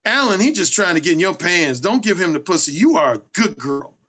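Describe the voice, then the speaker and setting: A woman's voice: fairly low pitch, sing-song, brisk, a bit bright, voice pushed down. Man playing a stern, scolding little angel. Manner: stern, admonishing. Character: scolding angel on a woman's shoulder.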